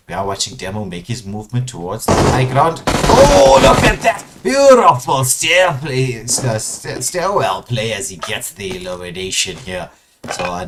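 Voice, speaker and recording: A man doing live play-by-play commentary on an online battle royale tournament, full of filler words and sudden bursts of excitement. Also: lowish voice, background noise. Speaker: esports caster.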